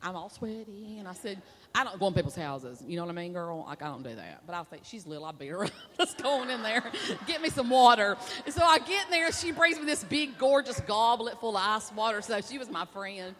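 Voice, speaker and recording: A woman preacher telling a folksy, animated story in a sermon at a women's conference, laughing and acting out the voices. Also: mid-range voice, brisk. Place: stage at a women's conference with a hall's reverb. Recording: long hall reverb.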